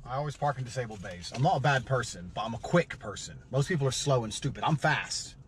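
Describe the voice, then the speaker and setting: A man's voice: medium pitch, expressive, fast, background noise. A man delivering provocative monologues in a brash, profane, lecturing way. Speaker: self-styled money and lifestyle guru. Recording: echoey clips with faint music.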